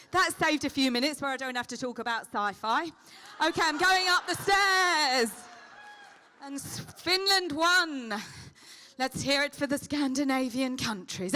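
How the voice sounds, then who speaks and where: Woman, high voice, bright sharp tone, teasing comic banter, live Q&A, handheld mic. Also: slight background noise. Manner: teasing, playful comic patter. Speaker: celebrity convention guest. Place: convention stage before a live audience. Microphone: handheld microphone.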